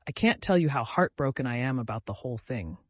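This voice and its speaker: A man's voice: mid-range voice, animated, quick pace, dry recording, lightly acted. A man reading the part of a grave older male painter, earnest and pleading, in a dry recording. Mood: worried.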